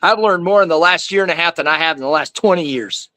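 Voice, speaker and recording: Appearing as a guest, a man tells his faith testimony in a rambling, slangy style, leaning often on "man" and "like." His voice is on the high side, fast, bright and forceful, with no room sound behind it.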